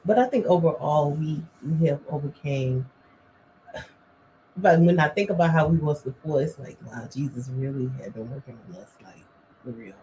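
A woman talking casually with her husband about marriage, relaxed and filling her speech with "you know". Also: low-pitched, normal speed, a little hiss or hum, rough recording. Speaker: co-host, wife.

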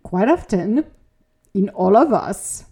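Female podcast host with a lively, mellow voice who talks through self-help ideas expressively. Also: mid-range voice, slow pace, husky. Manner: expressive, conversational, acts out inner voices. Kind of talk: reflective self-help talk.

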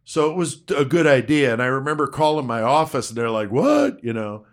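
A man's voice: medium pitch, a little fast. Profane storyteller, a man acting out every line he quotes. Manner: profane, animated, acts out quotes. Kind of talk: casual storytelling.

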